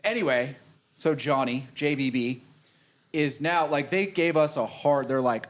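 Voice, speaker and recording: A man's voice: mid-range voice, measured pace. A man casually telling a long golf story, swearing freely and acting out what people said. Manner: animated, profane storyteller who acts out quotes.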